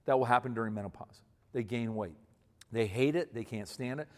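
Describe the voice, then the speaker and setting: A man's voice: mid-range voice, a little fast. Folksy, emphatic man in his fifties. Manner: folksy, emphatic, repeats himself. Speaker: speaker giving marriage advice to men. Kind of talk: advice talk to an audience. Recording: long hall reverb.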